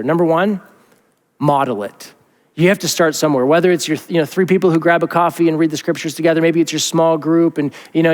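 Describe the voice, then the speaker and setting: Casual high-voiced pastor in a reverberant hall. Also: male voice. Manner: casual, animated storyteller with many fillers. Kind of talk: sermon.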